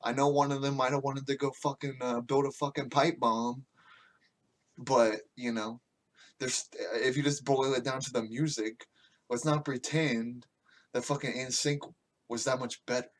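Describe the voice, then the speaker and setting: A man's voice: medium pitch, little pitch movement, normal speed. A man hosting a podcast, ranting casually in a crude, mocking and profane way. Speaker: podcast host.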